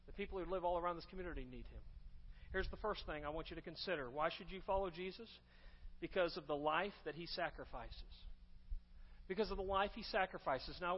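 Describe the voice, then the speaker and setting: A man pastor delivering a sermon, preaching emphatically and repeating key phrases with rising force. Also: high-pitched. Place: church sanctuary. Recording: dull sound with long church reverb.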